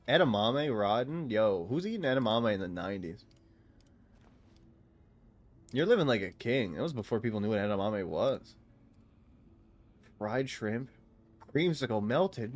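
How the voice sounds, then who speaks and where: A young man casually commenting while he plays a video game, rambling and joking with frequent laughs. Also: medium pitch. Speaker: gaming streamer.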